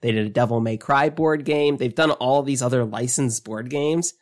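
A man co-hosting a tabletop gaming podcast, talking in a casual and animated way, often trailing off and restarting his sentences. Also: mid-range voice, normal speed. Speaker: podcast co-host.

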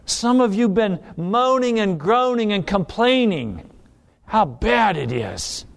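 Male preacher, emphatic sermon delivery, very animated pitch, unhurried. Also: creaky. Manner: dramatic, emphatic, with acted-out pleas.

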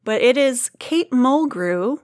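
A woman's voice: sits high, animated, slow pace, darkish tone, dry recording, studio quality. A woman co-hosting a podcast in casual chat, joking and self-deprecating, swearing now and then. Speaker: podcast co-host.

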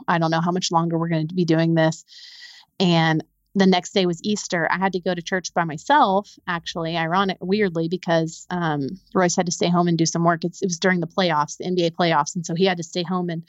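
Young woman, lowish voice, halting grief story, dry muffled podcast sound. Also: no room sound. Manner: halting, repeats words when upset. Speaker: podcast guest. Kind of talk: emotional personal storytelling.

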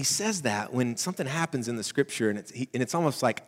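Southern male pastor, conversational sermon, loud-to-hushed swings, reverberant hall. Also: mid-range voice, lively intonation, fast.

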